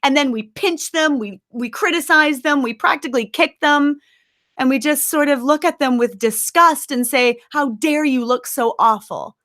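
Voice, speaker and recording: A woman giving an encouraging, emphatic webinar talk as a nutrition coach, at times guiding a slow breathing exercise. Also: high voice, a bit bright.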